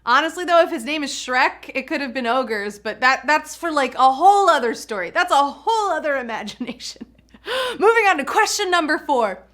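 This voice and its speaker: A woman's voice: sits high, expressive, brisk, a bit bright. A woman hosting a live trivia game, chatty and bubbly, laughing often. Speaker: trivia game show host.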